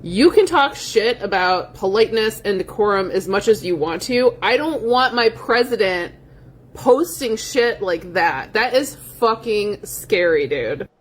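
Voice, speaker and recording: A woman's voice: medium pitch, expressive, unhurried, slight background noise. A woman in a played clip, ranting bluntly and swearing as she reacts to a video. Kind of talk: profane reaction rant.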